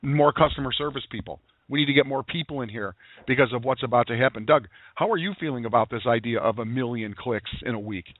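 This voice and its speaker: A man's voice: medium pitch, fast, no room sound. A man hosting a sales call, exhorting listeners in a pumped-up way and repeating phrases for emphasis. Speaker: host. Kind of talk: motivational sales call talk. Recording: tinny phone-line audio.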